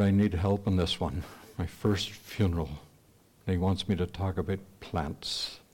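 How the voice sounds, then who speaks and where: Low-voiced earnest man preaching. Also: mellow. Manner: earnest storytelling, slow and emphatic. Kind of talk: sermon.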